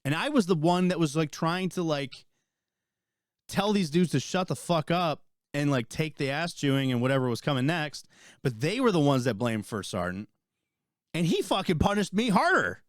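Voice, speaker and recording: Here the same kind of speaker, a young man who served in the army and co-hosts a podcast, rambles through a profanity-laced story and gets worked up in the retelling. He speaks at normal speed in a slightly high voice, recorded at studio quality without echo.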